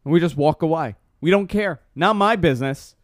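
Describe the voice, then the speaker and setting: A man's voice: a little high, brisk, dry recording, clean studio sound. A man co-hosting a casual comedy news chat, sarcastic and mock-outraged. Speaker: co-host.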